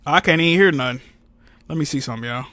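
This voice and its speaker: A man hosting a live stream, trash-talking loudly and laughing often in casual banter. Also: on the high side, fast talker, no room sound. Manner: loud, mocking trash talk with frequent laughter. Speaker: streamer host.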